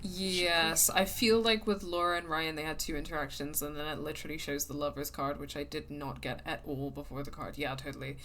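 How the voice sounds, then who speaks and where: A woman's voice: sits low, little pitch movement, a little fast, hardly any pauses, fairly bright tone, slight background noise. A young woman streaming a game, chatting bluntly and casually with some swearing. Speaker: let's play streamer. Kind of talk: casual gameplay commentary.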